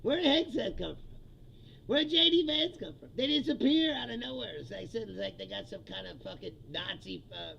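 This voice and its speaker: A man delivers a crude, mocking comedic rant in a very high, bright voice full of gravelly fry. He swings his pitch all over and laughs at his own jokes. The recording sounds dull and lo-fi. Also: lively intonation, fairly quick, a little hiss or hum. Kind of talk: profane comedic political rant.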